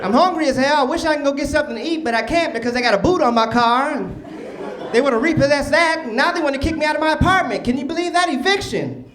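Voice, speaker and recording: A man performing a stand-up comedy set in a club, loud and animated with the crowd. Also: extremely high pitch, quick pace. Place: comedy club stage before a live audience. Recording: noisy club recording with crowd. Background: audience laughter and cheering.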